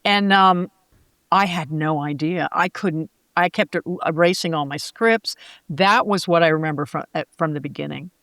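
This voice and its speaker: An older woman, a former sportscaster, telling lively anecdotes as an interview guest and acting out the voices she quotes. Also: on the low side, moderate pace, dry recording. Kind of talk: casual interview storytelling.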